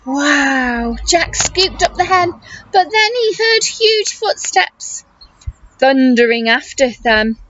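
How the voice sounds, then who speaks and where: Woman teacher reading to kids, very high, slow, animated, muffled recording with hiss. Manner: animated, gasping, asking questions. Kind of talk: reading a picture book aloud to children.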